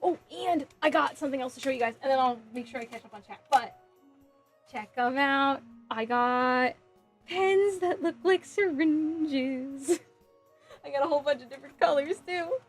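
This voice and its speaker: Giggly lady streamer chatting w her chat, kinda high voice, soft music in the back. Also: moderate pace. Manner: chatty and giggly, thinks out loud. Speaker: live streamer. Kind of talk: casual live-stream chat, reading chat aloud. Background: faint music.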